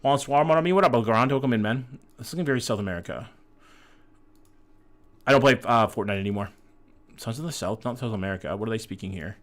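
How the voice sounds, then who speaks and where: A man streaming a map-guessing game in casual chat, reading viewer messages aloud, joking and swearing freely, with bursts of excited hype between calmer guessing. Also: mid-range voice, quick pace, pauses often.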